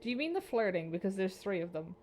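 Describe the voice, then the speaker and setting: A young woman streamer chats casually and reads a story game's text aloud in a middle-pitched voice, joking and swearing freely. Soft music plays faintly behind her. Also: very animated, fast talker. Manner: playful, profane, laughs often. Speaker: streamer playing a narrative game. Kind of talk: casual live-stream chat and narrating game text.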